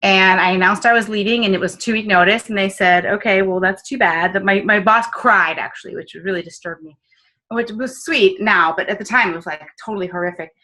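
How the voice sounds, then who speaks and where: Bright-voiced Midwestern woman telling stories. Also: mid-range voice, brisk, rough recording. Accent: Midwestern American. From American Midwest. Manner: chatty and self-mocking, full of fillers and quoted asides. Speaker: business consultant guest. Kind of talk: candid interview storytelling.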